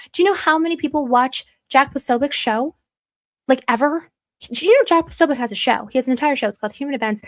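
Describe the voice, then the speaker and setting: A woman giving heated casual livestream commentary, repeating rhetorical questions and reading viewers' chat aloud. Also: fairly high pitch. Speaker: political commentary streamer.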